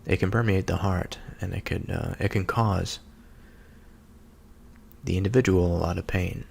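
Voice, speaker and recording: Very deep, gravelly man musing slowly. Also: fairly even intonation, a little mellow. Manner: slow, halting, with many pauses and fillers. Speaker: solo speaker reflecting on scripture. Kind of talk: contemplative scripture reading and reflection.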